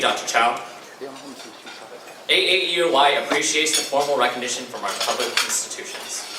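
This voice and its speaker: A man serving as master of ceremonies, giving polished, scripted introductions and announcements. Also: on the high side. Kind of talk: formal announcements. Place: large banquet hall. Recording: echoey banquet hall, distant mic, noisy.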